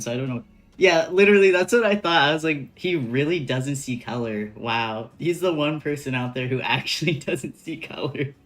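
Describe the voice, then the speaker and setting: A man's voice: mid-range voice, fairly bright tone. Chatty North American man streaming a game. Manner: laughs often, slangy and chatty. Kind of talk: casual live-stream commentary while reading.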